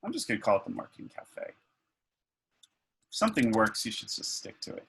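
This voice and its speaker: A man's voice: on the low side, sing-song, a little fast, creaky, fairly bright tone, a little hiss or hum, poor audio. A man leading an online faculty workshop over a video call, thinking aloud with many fillers and restarts.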